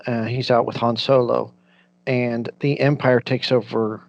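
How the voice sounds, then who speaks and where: A man's voice: mid-range voice, little pitch movement, unhurried, vocal fry, no echo, lo-fi sound. A man hosting a casual podcast, rambling through recaps with frequent laughs. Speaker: podcast host.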